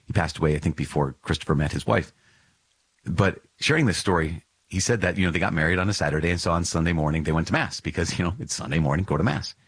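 A man's voice: low-pitched, quick pace, slightly rough, dry recording. A man hosting a podcast, reading and reflecting on a religious text. He speaks earnestly and emphatically, often repeats phrases, and chuckles now and then. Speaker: podcast host.

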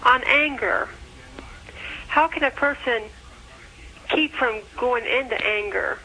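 Bright-voiced woman caller, halting. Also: sits high, low-quality recording. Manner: halting, restarts her words. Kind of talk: call-in question.

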